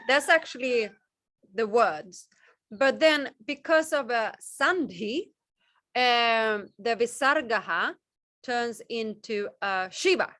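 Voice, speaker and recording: A woman teaching Sanskrit chant pronunciation on a video call, gentle and encouraging, halting with many restarts. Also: fairly high pitch, dry recording.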